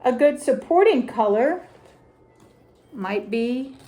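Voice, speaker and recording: A middle-aged woman hosting a crafting vlog, talking casually and deliberately as she shows ribbons and ornaments, often repeating her phrases. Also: high-pitched, expressive, mellow, soft background music. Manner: slow, deliberate, repeats phrases while showing items. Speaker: crafting vlogger.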